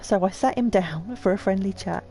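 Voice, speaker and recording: A woman voicing a gruff, rough-spoken male foreman in a put-on Cockney accent, blunt and full of coarse slang. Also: mid-range voice, moderate pace, warm tone, soft background music, lightly acted.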